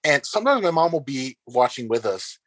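A man hosting a podcast, telling stories in a relaxed, casual way with lots of fillers. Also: mid-range voice, fairly quick, no echo. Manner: relaxed storytelling with many fillers. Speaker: podcast host. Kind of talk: casual chat.

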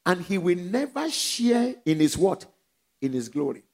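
A man's voice: sits high, sing-song, unhurried. A man with a Nigerian accent preaching a sermon, asking the church questions and letting them call back the answers. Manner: call-and-response preaching, rising and dropping in volume. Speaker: pastor.

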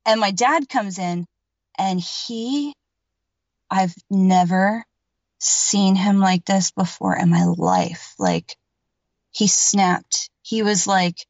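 A woman's voice: mid-range voice, slow, a little mellow, no echo. A woman recounting her own story to an interviewer in a loose, emphatic way, packing her sentences with filler words and the odd curse. The sound is a little dull and lo-fi, and the room is dead and dry. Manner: rambling and emphatic, heavy on filler words, swears freely. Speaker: podcast guest telling a paranormal story.

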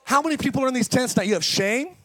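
A male pastor preaching an impassioned sermon that swings between fast talk, slow drawn-out words and shouting. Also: very high voice, animated. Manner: impassioned preaching, often shouting, sudden speed changes. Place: church service.

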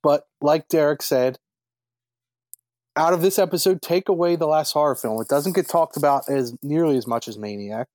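A man's voice: a little high, normal speed, darkish tone, dry recording. A man co-hosting a podcast, chatting casually about a film in an easygoing, slightly hesitant way. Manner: easygoing, hesitant, laughs along. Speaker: podcast co-host. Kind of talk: casual film review chat.

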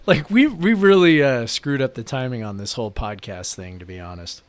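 A man's voice: medium pitch, lively intonation, normal speed. A male podcast co-host chatting casually from his basement, sounding tired and frustrated and leaning hard on "like.". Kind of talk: casual chat. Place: home basement.

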